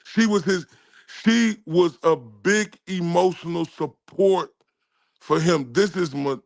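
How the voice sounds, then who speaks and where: A man's voice: high-pitched, slow, gravelly, no room sound. A man hosting a stream, explaining a clip directly to his viewers. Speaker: stream host. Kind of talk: live-stream commentary.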